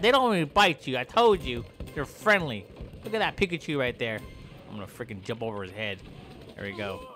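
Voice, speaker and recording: A man giving loud, goofy commentary while he plays a video game, taunting and yelling at in-game animals. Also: medium pitch. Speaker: gameplay commentator.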